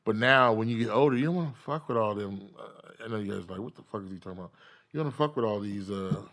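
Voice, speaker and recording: A man, a guest comedian, chatting casually on a podcast and telling animated stories with bursts of loud impressions. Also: on the low side, quick pace. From San Diego.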